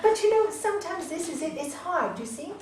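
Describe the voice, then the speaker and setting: A woman's voice: extremely high pitch, animated, brisk, darkish tone, a little hiss or hum. An older woman teaching a yoga class, chatty and laughing often, telling personal stories and quizzing her students. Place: large hall. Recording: echoey hall from far off, faint ambience.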